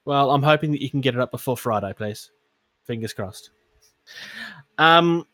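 His voice is medium-pitched, expressive, and fairly bright, at a normal speed without room sound. The Australian co-host rambles through a casual tabletop gaming conversation, laughing often and poking fun at himself.

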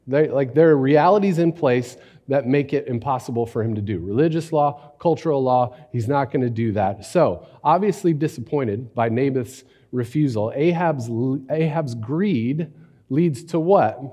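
A man preaching a sermon, telling the story conversationally with animated rhetorical asides. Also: medium pitch, moderate pace, long reverb tail. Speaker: pastor.

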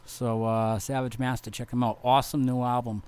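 Young male metal bassist from Massachusetts, casual, swears constantly, rambling and sincere. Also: level tone, a little fast, darkish tone, smooth. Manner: profane, rambling, heartfelt, lots of fillers. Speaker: touring metal bass player. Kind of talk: casual vlog thank-you message.

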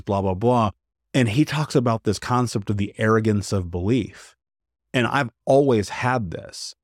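This podcast guest has a lowish male voice, captured dry and at studio quality. Sharing his personal story openly and energetically, he keeps slipping into the voices of the people he's quoting.

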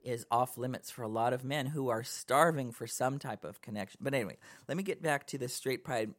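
A man with a middle-pitched voice gives wry, earnest opinions on a casual podcast. He talks freely, in an everyday conversational way. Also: fairly quick, few pauses. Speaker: podcast co-host.

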